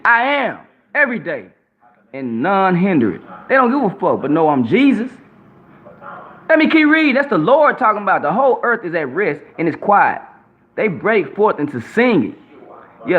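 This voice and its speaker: Guy preaching bible verses, cussing, kinda high voice, goes from mumbly low to loud, tinny phone-ish audio w/ faint hum. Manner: profane, swings between low murmurs and loud outbursts. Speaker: self-styled preacher. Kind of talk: reading and preaching scripture to camera.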